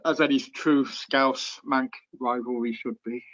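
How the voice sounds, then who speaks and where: A man co-hosting a casual podcast chat, rambling along with lots of "um" and "uh". His pitch sits in a medium range. The recording sounds slightly dull and lo-fi. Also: steady tone, a little slow, a bit bright. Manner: rambling, filler-heavy, chatty. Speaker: podcast co-host.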